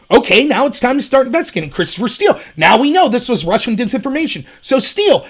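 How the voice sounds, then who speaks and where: A man hosting a political commentary show, talking in an animated and sarcastic way. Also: very high-pitched. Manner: animated, sarcastic, mimics opponents mockingly. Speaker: host.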